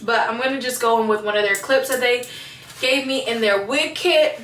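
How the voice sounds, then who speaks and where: A woman's voice: a little high, moderate pace, a bit bright, a little hiss or hum. A young woman vlogger chatting casually to her viewers while she styles her wig, slangy and talkative. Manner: chatty, slangy, addresses viewers as you guys. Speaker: beauty vlogger. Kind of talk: casual get-ready-with-me chat. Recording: roomy echo, mic at a distance, faint ambience.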